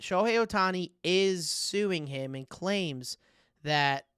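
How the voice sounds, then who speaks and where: Lively laughing male podcast co-host. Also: sits high, slow, clear, resonant tone, no echo, studio quality. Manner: laughs often, lively and joking. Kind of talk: casual sports podcast banter.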